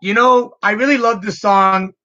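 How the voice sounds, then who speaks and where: A man putting on the voice of a tearful, grateful young woman friend, excited and pleading. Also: high voice, moderate pace, muffled recording, voice pushed up.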